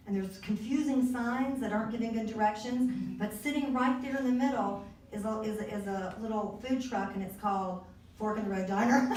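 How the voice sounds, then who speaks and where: A woman's voice: on the high side, distant mic, slight background noise. A woman with a Southern US accent, an author talking casually and folksily to a party crowd. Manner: chatty, folksy, rambling. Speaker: author at her book release. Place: arts center event room. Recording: echoey room recorded from afar.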